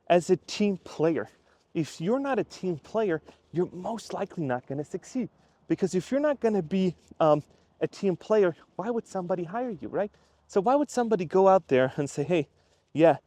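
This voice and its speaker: A man's voice: high-pitched, mellow, no echo. Blunt, plain-spoken male career coach. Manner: blunt, plain-spoken, acts out quoted people; frequent fillers and restarts, conversational. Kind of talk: casual direct-to-camera monologue.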